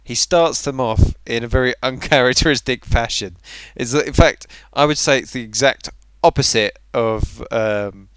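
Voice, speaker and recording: A man's voice: medium pitch, normal speed, fairly bright tone, clear, resonant tone, no room sound. A man chatting on a livestream in a sleepy, rambling way. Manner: drowsy, rambling. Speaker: streamer. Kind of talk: casual livestream chat.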